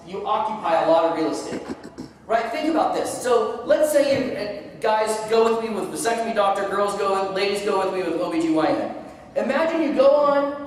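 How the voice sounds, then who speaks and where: A man giving a seminar talk to a live audience, energetic and joking, quizzing the room with questions. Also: high voice, a little hiss or hum. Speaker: seminar speaker. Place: large conference hall. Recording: echoey hall, distant mic.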